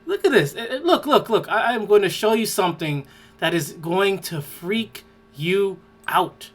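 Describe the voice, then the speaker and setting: A woman's voice: medium pitch, sing-song, takes it slowly, slight background noise. A woman hosting a podcast, giving casual reaction commentary in a mocking, exclaiming way and laughing in disgust. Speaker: podcast host.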